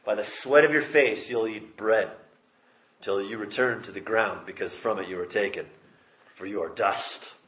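A man's voice: fairly low pitch, moderate pace, fairly bright tone. Man, pastor, expository sermon, emphatic delivery, roomy echo. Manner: reads scripture aloud then explains it, emphatic rises.

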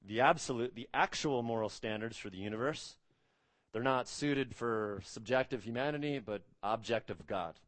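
A man's voice: normal speed, a bit bright, no echo. Emphatic male preacher, dry sound. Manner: emphatic, rising to stress key words and dropping low on solemn points. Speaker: pastor. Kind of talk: sermon.

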